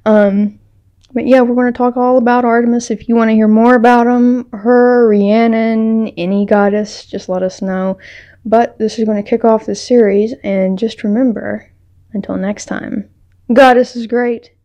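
A woman's voice: fairly high pitch, fairly even intonation, moderate pace, dark tone, dull audio. A woman hosting a vlog, telling a personal story in an earnest, casual way with lots of fillers. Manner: casual, chatty, many fillers; earnest and heartfelt. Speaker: vlog co-host.

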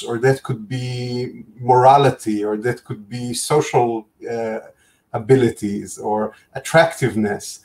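A man from Israel with an Israeli accent, explaining things in a measured way with fillers, as a panelist on a video call. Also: medium pitch, darkish tone. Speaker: clinician panelist. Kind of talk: live panel discussion.

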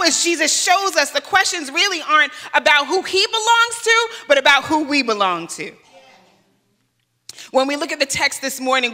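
A woman's voice: high-pitched, sharp tone, in a large hall. A woman guest pastor preaching a sermon, conversational, with rhetorical questions and light humor. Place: church sanctuary.

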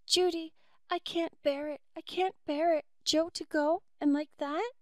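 A woman's voice: high voice, big pitch swings, takes it slowly, no room sound, voice pushed up, exaggerated voice. A woman voicing a distraught young girl who pleads with emotion.

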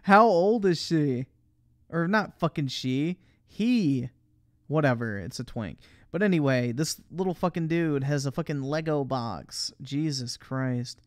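A man's voice: fairly high pitch, animated, a little slow, no echo, clean studio sound. A young man streaming a casual reaction, swearing constantly, laughing, and mocking what he watches. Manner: crude, profane, laughing, mocking.

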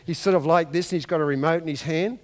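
A man's voice: a little high, fast talker. A man preaching a sermon, telling a Bible story with comic energy and acting out the characters. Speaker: pastor. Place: large church hall. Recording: long hall reverb.

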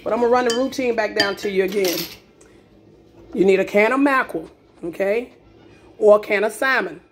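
A woman's voice: medium pitch, a little fast, background noise. A woman hosting a casual cooking demonstration in her home kitchen, chatty and repeating herself with lots of "okay?" asides. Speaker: cooking video host.

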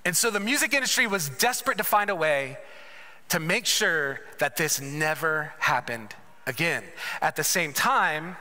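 High, bright-voiced man preaching in a hall. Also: expressive, moderate pace. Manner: conversational, storytelling with humorous asides. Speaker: conference speaker. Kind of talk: sermon with personal testimony. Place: large church sanctuary. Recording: reverberant church hall.

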